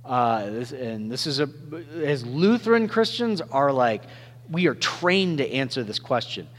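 A man's voice: medium pitch, big pitch swings. Man preaching in a reverberant church. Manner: conversational, joking asides and quick pace shifts. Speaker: pastor. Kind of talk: sermon.

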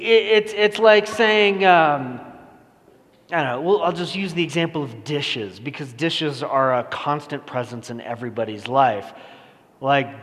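A male pastor with a slightly high voice gives a loose, conversational sermon, full of fillers and restarts. He jokes about himself easily. His voice rings out with a long reverb, as in a big church hall. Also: a bit bright. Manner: casual, self-deprecating, many fillers and restarts.

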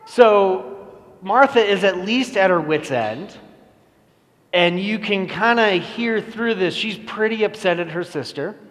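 A man preaching a relaxed, conversational sermon as pastor, casual and self-deprecating, with many fillers and restarts. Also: sits high. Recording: long reverb of a large hall.

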